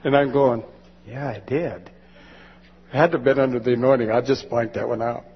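A man's voice: medium pitch, fairly quick, slightly rough. A male pastor preaching a sermon with fervent, rising exclamations. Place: church sanctuary. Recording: dull lo-fi church recording with long reverb.

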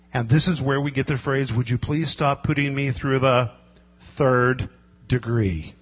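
A man preaching a sermon, building to loud emphatic cries and drawing out words for weight. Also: medium pitch, breathy edge. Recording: lo-fi echoing hall with mains hum.

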